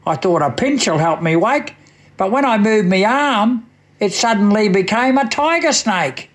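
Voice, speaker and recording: For radio, an Australian man performs a comic bush poem in a high voice pitched well above most men's. His delivery is a dry, drawling storyteller's, animated yet measured in pace, with a fairly bright tone.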